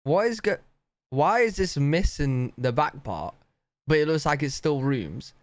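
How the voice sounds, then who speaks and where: A young British man reacting to a travel video, cracking jokes and laughing as he goes. His voice is fairly high and sounds smooth and clear. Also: sing-song, unhurried, dry recording. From Britain. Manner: laughing, joking asides. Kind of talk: casual reaction commentary.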